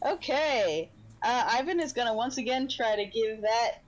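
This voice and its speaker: In a rough recording, a woman plays an online tabletop game, chatting casually and telling stories through giggles and fits of laughter. Her voice is a little high and moves at a normal speed.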